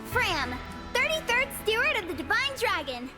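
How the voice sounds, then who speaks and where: A woman's voice: very high-pitched, very animated, moderate pace, music in the background. A woman voicing a timid young woman who gets flustered easily, in video game dialogue. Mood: bashful.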